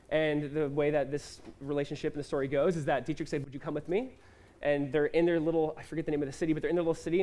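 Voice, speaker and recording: A man's voice: a little high, darkish tone. A male pastor delivering a sermon in a conversational way, acting out quotes and asking the congregation questions. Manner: conversational preaching with quick asides and acted-out quotes.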